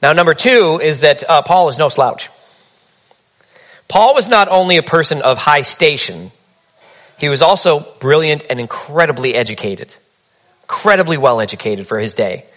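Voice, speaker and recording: A man's voice: a little high, animated, moderate pace, a bit bright. A man preaching a sermon in a conversational, humorous storytelling manner. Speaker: pastor.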